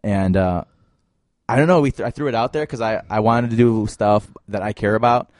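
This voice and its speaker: Young man, low voice, casual podcast chat. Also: fairly quick, darkish tone, dry recording, studio quality. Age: 20s. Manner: loose, profane, laughs often. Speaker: podcast co-host. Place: small hot room.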